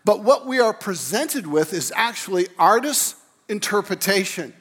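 A man with a high voice gives an informal lecture. He talks in a rambling, animated way, circling back with restarts and repeated words as he builds his point. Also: normal speed, husky. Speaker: speaker on creation and evolution.

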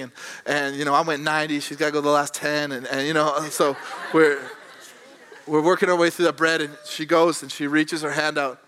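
Guy pastor, bright voice, telling a goofy story then preaching, lots of restarts. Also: on the high side, brisk. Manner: animated, self-mocking storytelling with frequent restarts. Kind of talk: sermon with personal story.

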